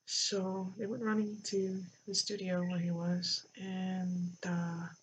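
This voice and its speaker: A vlogger telling a personal story in a halting way, full of fillers and restarts, recorded near a road with cars going by. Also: mid-range voice, monotone. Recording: dull lo-fi with faint traffic noise.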